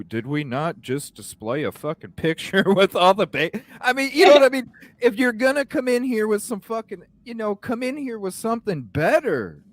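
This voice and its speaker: A man's voice: high voice, lively intonation, normal speed, no echo. A man hosting a live podcast, ranting heatedly and cursing constantly, often asking "you know what I'm saying?". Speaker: podcast host. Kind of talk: heated live-stream rant.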